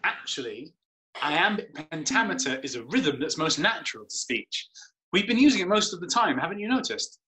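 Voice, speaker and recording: A man's voice: fairly high pitch, sing-song, moderate pace, bright, forceful tone. A man playing Macbeth as a character who knows he lives in a play, teasing and fond of reciting verse in an educational drama. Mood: knowing. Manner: knowing, lightly teasing, likes reciting verse.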